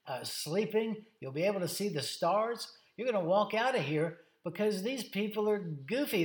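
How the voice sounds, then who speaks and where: A man's voice: sits high, echoey room, pitched above the performer's own voice. A man voicing a devilish tempter, coaxing and urging again and again.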